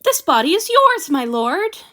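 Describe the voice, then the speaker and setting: A woman's voice: sits high, expressive, measured pace. A woman doing Edgy, an anxious servant. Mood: pleading. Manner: pleading and formal. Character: anxious, deferential male slave attendant.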